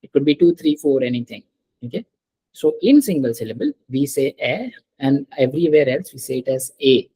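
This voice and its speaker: A woman's voice: rumbling low, expressive, fairly quick, dark tone, breathy edge, dry recording, low-quality recording. Patient female French tutor on a call. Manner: patient, repeats and checks with students. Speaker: French teacher. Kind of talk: online class teaching.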